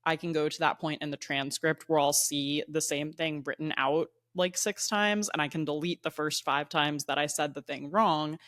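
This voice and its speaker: A woman's voice: low-pitched, fairly even intonation, normal speed, few pauses, a bit bright, dry recording. Young female podcast host, loose chatty delivery, dry close-mic home recording. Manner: chatty, says "like" often. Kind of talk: casual solo podcast talk. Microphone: plugged-in microphone at a laptop.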